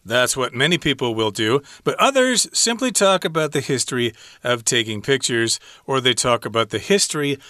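Male co-teacher, bright forward voice, dry close mic, casual and chatty. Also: mid-range voice, lively intonation, normal speed, few pauses, no echo. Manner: chatty, gives playful example sentences. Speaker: English teacher. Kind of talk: conversational language lesson.

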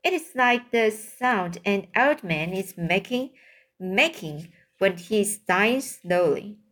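A kindly giant who speaks in slow, earnest, broken grammar, voiced by a woman reading a storybook aloud. His voice sits at an ordinary middle pitch and unhurried pace. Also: animated, a bit bright.

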